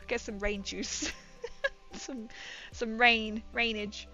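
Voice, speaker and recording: A woman's voice: fairly high pitch, steady tone, extremely slow, pauses often, bright, forceful tone. A young woman chatting casually on her livestream, giggling often and dropping her consonants. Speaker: streamer. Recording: muffled stream audio with faint music.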